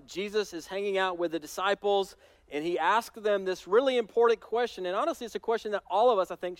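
A male pastor preaches with a high voice, telling stories in a lively, conversational way with bits of humor. There's no echo on the recording.

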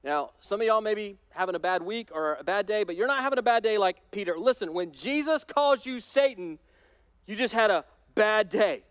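A man pastor preaching a sermon in a conversational, animated storytelling way with touches of humor. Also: sits high, normal speed, no echo.

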